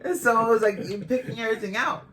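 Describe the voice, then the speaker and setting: A woman's voice: on the high side, fast, a crowd in the background. A woman in her fifties from Boston with a Boston accent, chatting casually and teasing her husband on their couple's channel, laughing often. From Boston, USA. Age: 50s. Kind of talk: casual chat.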